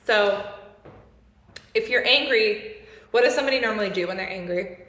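A woman's voice: mid-range voice, moderate pace, pushed and bright, roomy sound. A woman teaching a singing lesson, playful and laughing often as she explains and demonstrates. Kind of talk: music lesson.

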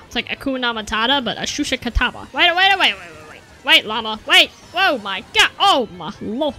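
A woman in her twenties streaming a racing game, chatting casually, excitable and jokey and breaking into silly sound effects. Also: a little high, moderate pace, few pauses. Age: 20s. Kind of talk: casual gameplay commentary. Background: faint game music.

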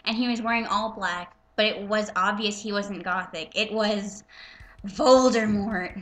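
A woman's voice: mid-range voice, steady tone, fairly bright tone. A young woman giving a mocking, dramatic reading of fan fiction, with sarcastic asides. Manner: reads slowly, breaks into laughter and sarcastic asides. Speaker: reader and commentator.

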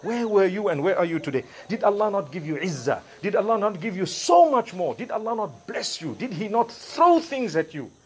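A man's voice: high voice, big pitch swings, fairly quick, few pauses, a little mellow. A man giving a Friday sermon, preaching emphatically with rhetorical questions and recited Arabic verses.

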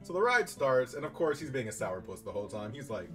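A young man in college telling a story about his own past in a casual, animated, self-mocking way, swearing freely. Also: medium pitch, fast. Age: young adult. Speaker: YouTuber. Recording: distant mic, faint guitar music behind.

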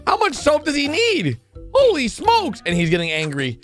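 A man hosting a reaction video, excitably narrating what he sees and laughing often. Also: extremely high pitch, normal speed, soft background music. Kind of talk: casual reaction commentary.

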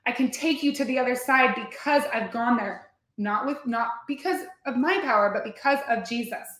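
Woman, high voice, echoey room, earnest, emphatic motivational coach. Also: moderate pace, fairly bright tone. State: near tears at times. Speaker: workshop host and coach. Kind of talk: motivational workshop talk.

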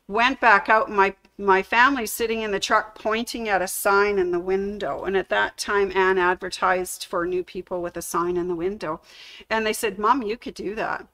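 A woman's voice: medium pitch, fairly bright tone. A middle-aged woman, a store employee, telling the story of how she got her job during a livestreamed anniversary tribute. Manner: storytelling, acts out quoted dialogue. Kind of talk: emotional anniversary speech. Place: sewing store media room.

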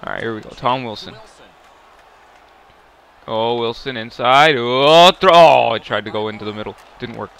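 A man giving live commentary while playing a hockey video game, excitable and quick to yell and swear at the plays. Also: mid-range voice, gravelly, smooth. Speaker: gaming video creator.

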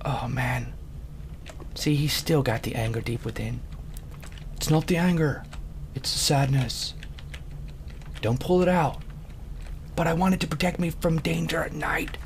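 A man's voice: mid-range voice, gravelly, slight background noise. A man giving casual, playful game commentary, goofing around and slipping into silly voices as he plays. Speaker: let's play gamer.

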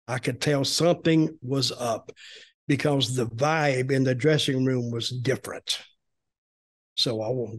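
An older American man casually telling a long story, rambling with restarts and acting out what others said. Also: mid-range voice. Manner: rambling, restarts, acts out quoted voices. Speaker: storytelling guest, former wrestler.

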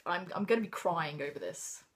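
A woman in her twenties with an English accent, chatting casually about books she bought, rambling and excitable, trailing off into whispers. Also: fairly low pitch, brisk. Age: 20s. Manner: rambling, self-interrupting, excitable; swings into hushed whispers. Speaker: book vlogger. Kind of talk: casual book haul chat.

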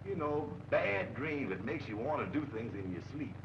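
An actor playing a slow, deadpan roommate who sleepwalks, in a 1940s film comedy. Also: male voice, medium pitch, creaky. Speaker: comic film character. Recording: dull old film soundtrack with faint hiss.

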